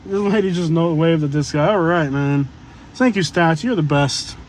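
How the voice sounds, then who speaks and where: A man with a notably high voice talks to his livestream audience while in a car. He drifts from topic to topic in a loose, joking, chatty way. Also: normal speed, a little hiss or hum. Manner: rambling, joking, chatty asides to viewers. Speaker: live-stream vlogger. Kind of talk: casual live-stream chat.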